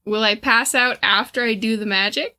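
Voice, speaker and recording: A woman with a bright, forceful tone, playing a tabletop game in casual chat. She fires off quick questions about the rules. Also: on the high side, fairly even intonation. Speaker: player.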